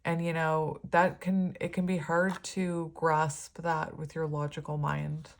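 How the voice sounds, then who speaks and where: A woman's voice: sits low, level tone, a little slow, gravelly. A woman giving a casual tarot reading, talking in a rambling, filler-heavy way and easily moved. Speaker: tarot reader.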